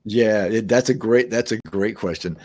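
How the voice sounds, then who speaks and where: A man's voice: lowish voice, moderate pace, darkish tone, no echo, clean studio sound. A man in his sixties, a guest in a conversational interview, telling personal stories in an anecdotal, easygoing way. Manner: storytelling, anecdotal, with restarts. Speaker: podcast guest, mind-body therapist.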